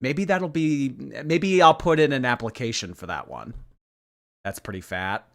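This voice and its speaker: A man's voice: medium pitch, expressive, measured pace. A man hosting a live stream, reacting to a clip with mocking, chatty commentary and reading out viewer messages.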